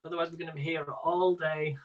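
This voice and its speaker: A man's voice: on the high side, flat delivery, fast talker, phone-quality sound. A man hosting a live-stream quiz in a casual, rambling way, laughing often as he talks. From Britain. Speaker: quiz host.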